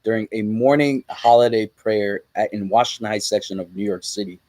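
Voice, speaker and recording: A man's voice: on the low side, fairly quick, darkish tone, no room sound, low-quality recording. An American man hosting an interview, enthusiastic, with stammering restarts. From United States. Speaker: interview host. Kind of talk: conversational interview.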